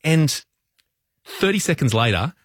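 A man, co-hosting a radio show and telling stories in an animated, self-mocking way. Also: on the high side, a little slow, dry recording, clean studio sound. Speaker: fill-in radio co-host. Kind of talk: casual radio banter. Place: radio studio.

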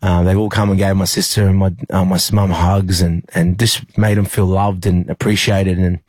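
A young Australian man, a rugby league player, telling a personal story in an interview, halting with many fillers and restarts. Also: low-pitched, flat delivery, a little mellow, no room sound.

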